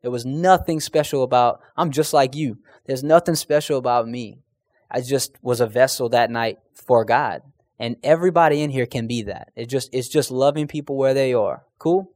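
A man's voice: medium pitch, normal speed, darkish tone. A man preaching in a humble, plain-spoken way before handing over to a video. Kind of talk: sermon.

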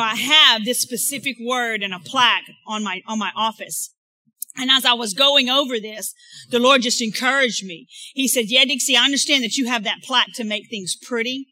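A woman pastor preaching a sermon, rising to loud exclaims and dropping to quiet asides. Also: medium pitch, no room sound, rough recording.

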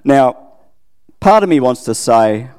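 A middle-aged Australian man delivers a relaxed, conversational sermon at an ordinary, mid-range pitch. He talks the way he would to friends, checking in with his listeners as he goes and joking at his own expense. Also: slow, clear, resonant tone, in a large hall. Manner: chatty, self-deprecating, asks listeners questions. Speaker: preacher.

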